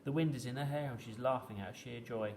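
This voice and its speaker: A man reading a children's story aloud with steady, gently expressive storytelling. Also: mid-range voice, fast talker, a little hiss or hum.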